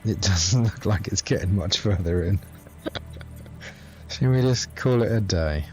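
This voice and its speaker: A man's voice: sits low, lively intonation, slow, darkish tone. A man streaming a building game, chatting to his viewers in a rambling, jokey, self-deprecating way. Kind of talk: casual gameplay live stream chat. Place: home setup, streaming off a laptop. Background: game music.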